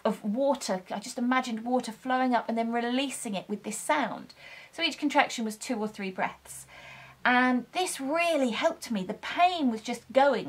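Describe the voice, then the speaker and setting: Brief: young woman, higher-pitched, gentle and earnest, heartfelt personal storytelling. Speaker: vlogger telling her birth story.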